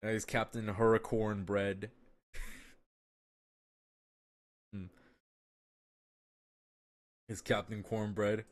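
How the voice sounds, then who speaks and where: A man's voice: fairly low pitch, little pitch movement, slow, pauses often. A man chatting casually on a live stream, rambling and swearing, full of fillers and restarts and laughing at his own jokes.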